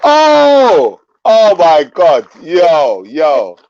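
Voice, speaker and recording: A man's voice: fairly high pitch, wildly swooping pitch, drawn-out words, a little mellow, a little hiss or hum. Laid-back man on a dull lo-fi line. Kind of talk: casual live-stream chat. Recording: dull lo-fi sound.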